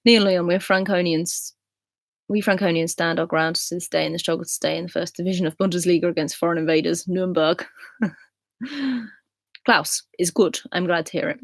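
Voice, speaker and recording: A young Scottish woman with a lowish voice hosts a relaxed live chat, reading viewers' comments aloud and laughing along. The sound is dry, with no room echo. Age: 20s. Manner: chatty, laughs often, reads comments aloud.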